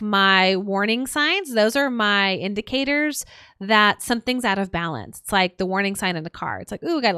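A woman's voice: mid-range voice, a bit bright, smooth, no echo, clean studio sound. A woman hosting a solo podcast, talking earnestly in long lists of repeated phrases with frequent "like" fillers. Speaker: podcast host. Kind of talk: solo reflective podcast talk.

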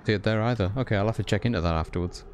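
A man live-streaming a stealth game, talking to his viewers in a relaxed, jokey way and swearing now and then. His voice sits on the low side. A faint ambient hum sits under it from a home desk setup. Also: very fast, lo-fi sound. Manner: joking, swearing, talks to chat. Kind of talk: casual live-stream commentary. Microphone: desk condenser microphone.

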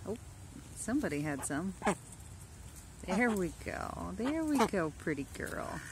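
A woman's voice: on the low side, sing-song, slow pace. Lady cooing at her ducks in the backyard, phone cam, bit of noise and quacks behind. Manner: cooing baby talk to ducks. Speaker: backyard duck keeper. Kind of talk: casual vlog talking to pets. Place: outdoors in a backyard. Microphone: handheld phone camera.

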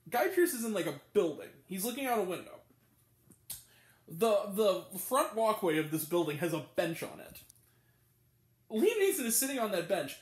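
A man reviewing a movie in a loose, sarcastic way, laughing at his own jokes as he goes. His pitch swings high and low as he talks. The room around him gives his voice a noticeable echo. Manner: animated and sarcastic, often laughing. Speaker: film reviewer. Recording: roomy echo.

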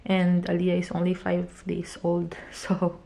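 A young woman from the Philippines with a Filipino accent, a new mother talking softly and emotionally in a casual vlog from a hospital room, sometimes close to a whisper. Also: fairly low pitch, monotone, unhurried, gravelly. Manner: soft, tired, emotional, often near a whisper. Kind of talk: casual vlog talk, mixing Tagalog and English.

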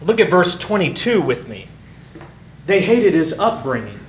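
Male pastor, sermon delivery, high voice, lively, recorded in a roomy church. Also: measured pace. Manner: animated, rises to shouting for emphasis. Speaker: preacher. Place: church sanctuary.

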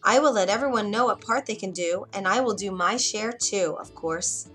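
A woman voicing a gentle, polite young princess in a storybook reading. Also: medium pitch, moderate pace, faint music behind, close to an everyday voice. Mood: sweet. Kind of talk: storybook narration.

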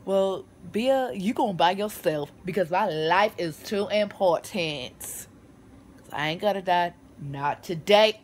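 A woman chatting casually to her phone camera from bed, with playful shouts and sudden loud bursts. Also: lowish voice, takes it slowly. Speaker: vlogger. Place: lying in bed at home.

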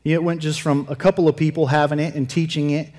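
A man's voice: on the high side, little pitch movement, quick pace, darkish tone, big-room sound. A man preaching a sermon in a conversational, joking way, correcting himself and asking the congregation questions. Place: church.

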